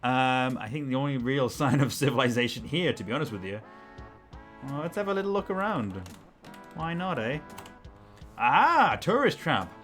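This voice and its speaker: A man chatting his way through a game playthrough, full of rambling asides and fillers. His pitch rises and falls a great deal as he talks. Faint music runs in the background. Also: sing-song, normal speed, pauses often, fairly bright tone. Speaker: let's play host. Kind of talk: casual game commentary.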